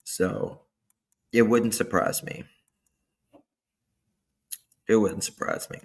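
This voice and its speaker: A man's voice: fairly low pitch, steady tone, slow pace, breathy edge. A man hosting a casual livestream, chatting loosely and thanking viewers by name. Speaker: livestream host.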